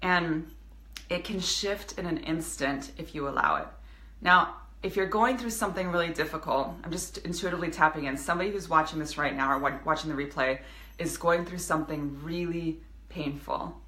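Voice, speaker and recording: Woman coach, earnest motivational live video, lowish bright voice, roomy echo. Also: normal speed. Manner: warm, earnest, many restarts and fillers. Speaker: business coach and speaker.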